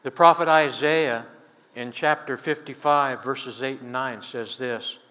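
In a large church sanctuary full of long reverb, an older male preacher blends scripture with a homespun personal tale, laughing easily as he goes. His mid-range voice is bright and forceful, and his pace is measured.

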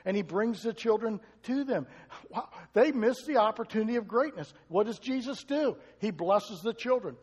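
A male pastor delivers a conversational sermon and keeps asking the congregation questions. His voice sits high for a man and has a husky edge. Long reverb from a large hall hangs after each phrase. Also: lively intonation, moderate pace. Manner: conversational preaching with rhetorical questions.

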